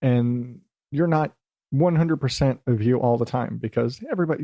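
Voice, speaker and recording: A man's voice: mid-range voice, moderate pace, dark tone, no room sound, studio quality. A man hosting a rambling solo podcast, talking about himself in a self-deprecating way and drifting into put-on accents. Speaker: podcast host.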